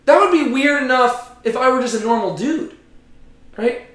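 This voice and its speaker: Brief: high-pitched man leading a Bible study, chatty, lots of "like", roomy echo. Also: moderate pace. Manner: animated, frequent "like" and "right?". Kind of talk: casual Bible teaching. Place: Bible study room with a group.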